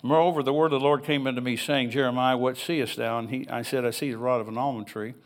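A man's voice: mid-range voice, steady tone, fast talker. An older man preaching a sermon in a church, reading scripture aloud and rambling into personal asides in an easygoing, conversational way. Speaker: pastor.

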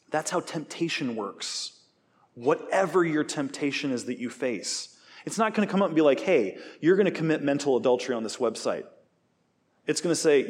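A man in his forties delivers a sermon in an animated, storytelling way. He jokes, acts out quoted voices, and sometimes drops to a hush to voice what temptation promises. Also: fairly high pitch, moderate pace. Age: 40s. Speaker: preacher.

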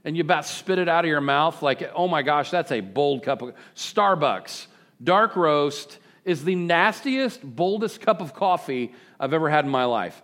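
A man preaching a sermon to a congregation, animated and joking, prompting the people to answer back. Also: on the high side. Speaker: pastor. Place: church service with congregation.

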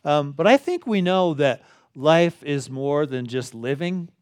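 Middle-aged man, pastor, conversational sermon, smooth resonant voice, dry close sound. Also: a little high, lively intonation, a little slow, dry recording. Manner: conversational, folksy with restarts.

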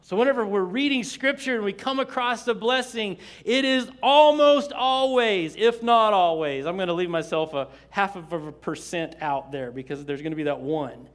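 A man with a high-pitched voice preaches a sermon as pastor. He speaks slowly and emphatically, drawing responses from the congregation with asides and chuckles.

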